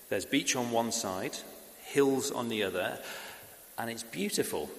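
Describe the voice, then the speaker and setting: A man preaching a sermon and leading a prayer, talking in a halting way with many fillers and restarts. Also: mid-range voice. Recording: echoey hall with faint hiss.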